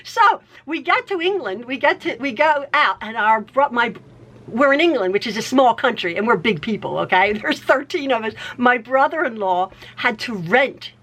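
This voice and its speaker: Laughing, high-voiced storyteller woman. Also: normal speed. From United States. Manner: laughs often, restarts sentences, animated. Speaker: vlogger telling family stories. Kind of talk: casual storytelling.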